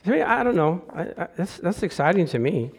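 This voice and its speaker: A middle-aged man preaching a sermon with animated delivery, his voice climbing and getting louder as he reads scripture, with joking asides along the way. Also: sits high, fairly quick, creaky, husky. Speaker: pastor.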